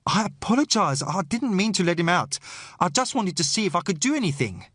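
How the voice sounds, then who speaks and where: A man's voice: very animated, fairly quick, a bit bright, slightly rough, no echo, clean studio sound, heavily acted. A man narrating an audiobook and voicing a wealthy landowner who is polite and apologetic but firm, in a raised voice. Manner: apologetic, courteous, raised pitch.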